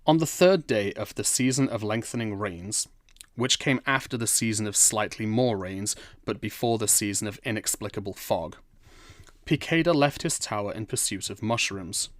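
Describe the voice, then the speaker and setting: A male narrator reads a whimsical fantasy tale with dry, understated humor. His voice sits low. The recording is close and dry, with no room sound. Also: moderate pace, a bit bright, dry recording. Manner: dry, wry storytelling. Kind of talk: scripted storybook narration.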